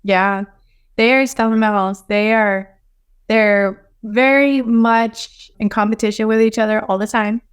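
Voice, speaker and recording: A woman's voice: fairly high pitch, fairly even intonation, a little slow, smooth. A woman in her thirties from Texas, a podcast guest chatting in an easygoing way and laughing often. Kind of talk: casual chat.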